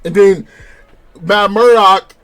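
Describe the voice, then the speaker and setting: A man's voice: high voice, slow pace, slight background noise. A young man from California giving a rambling, profanity-heavy casual review of a TV episode. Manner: profane, rambling, animated retelling. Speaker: show reviewer.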